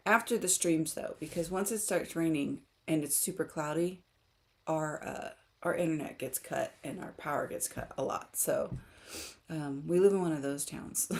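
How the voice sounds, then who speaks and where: A woman's voice: fairly low pitch, darkish tone. A woman author chatting casually with her livestream viewers, rambling and giggling as she talks. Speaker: author streamer.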